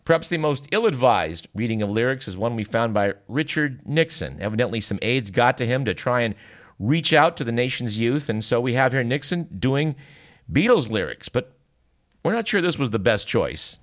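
A man's voice: medium pitch, big pitch swings, normal speed. A man hosting a radio show, reading scripted narration in a dry, wry and formal way.

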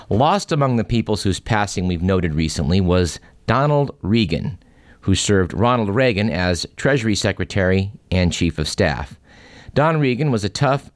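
Low-voiced man hosting a radio show. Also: no room sound, studio quality. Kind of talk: reading jokes and satire on radio.

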